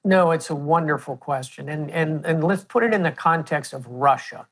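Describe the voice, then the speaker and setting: A man in his sixties with an American accent, a guest answering interview questions in a measured, storytelling way. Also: fairly high pitch, fairly bright tone. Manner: measured, storytelling with historical examples. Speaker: guest, retired admiral.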